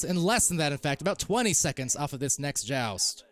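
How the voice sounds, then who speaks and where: A man casting a live esports match, calling plays quickly and rising to shouts when goals are scored. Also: fairly high pitch, faint music behind. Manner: excitable, rises to shouts on goals. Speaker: esports caster. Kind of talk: live play-by-play commentary.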